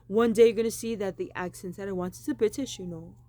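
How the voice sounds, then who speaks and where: A woman's voice: mid-range voice, quick pace, mellow. A woman giving a rambling, insistent monologue, repeating the same phrases emphatically. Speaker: vlogger.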